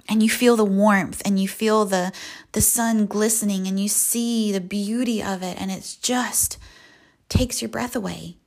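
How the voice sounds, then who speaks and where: Soft-spoken woman with a gravelly edge. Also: mid-range voice. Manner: slow, soft and reflective, often near a whisper. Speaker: podcast host. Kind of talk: guided visualization and devotional talk.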